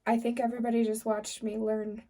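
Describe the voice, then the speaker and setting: A woman's voice: on the high side, completely flat delivery, brisk, dark tone, recorded from a distance. A woman co-hosting a podcast, chatting agreeably and laughing easily. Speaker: podcast co-host. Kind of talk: casual podcast chat.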